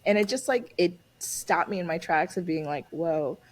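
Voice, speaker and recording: Woman guest, husky tone, lively storyteller who voices the people she quotes. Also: fairly low pitch, moderate pace. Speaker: guest author. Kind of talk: casual podcast chat.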